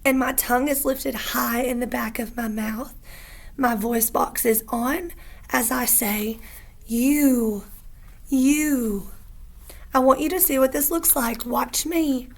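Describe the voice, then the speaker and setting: A woman teaching a phonics lesson to young learners, patient and encouraging, stretching out each sound slowly. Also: a little high, gravelly.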